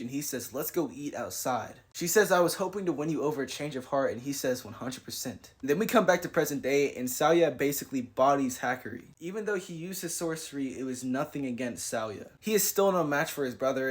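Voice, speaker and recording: A man recapping and reviewing a manga chapter in a casual, slangy way, paraphrasing the characters' lines as he goes. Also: medium pitch.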